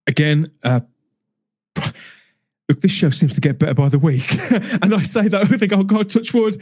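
A man's voice: a little high, expressive, a little slow, a little mellow, no echo. A man in a casual podcast discussion, talking with enthusiasm and frequent restarts. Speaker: podcast co-host.

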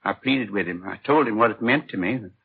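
A weary, injured tavern owner in pain, talking in a plain, tired way with a lowish voice. It sounds dull and muffled, with a faint hiss in the background. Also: male voice, a little fast, creaky. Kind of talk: 1950s radio drama acting. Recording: muffled old radio broadcast with faint hiss.

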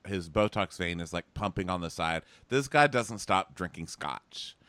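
A low-voiced man with a bright, forceful edge riffs through a casual comedic recap. He talks in an animated, mocking way, jumping into squeaky impressions. The sound is dry and close, with no room in it. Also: normal speed, no room sound. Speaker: podcast co-host.

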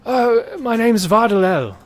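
A man's voice: very animated, unhurried, exaggerated voice. A man voicing a male merchant stuck up a tree, calling out and pleading for help. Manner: high, loud, pleading.

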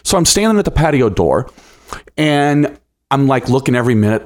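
Animated man telling a story. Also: mid-range voice, moderate pace, long pauses. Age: 30s. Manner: animated, acts out the voices of people in his stories. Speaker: podcast host. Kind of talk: personal storytelling monologue.

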